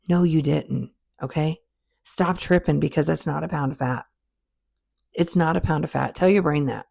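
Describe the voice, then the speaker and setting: A woman's voice: on the low side, normal speed, creaky, warm tone, slightly rough. A woman hosting a podcast, talking straight to listeners in a direct, coaching monologue that repeats its points for emphasis. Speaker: podcast host.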